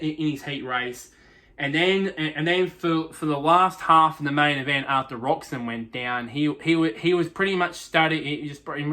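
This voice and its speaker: A man's voice: medium pitch, sharp tone. A young man giving a casual, rambling race recap full of restarts and fillers. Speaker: motorsport review host.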